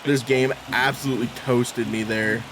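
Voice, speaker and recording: A man's voice: mid-range voice, fairly even intonation, moderate pace, noisy background. Exasperated man commenting on a game. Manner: exasperated, talking to himself about the game. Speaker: gaming channel host. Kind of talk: let's play commentary.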